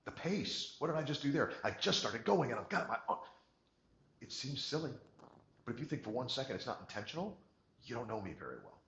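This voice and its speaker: A man giving a motivational coaching talk, emphatic and repeating key words, moving from quiet to energized. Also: mid-range voice, very animated, fairly quick, echoey room, highs cut off, slight background noise. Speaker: business coach.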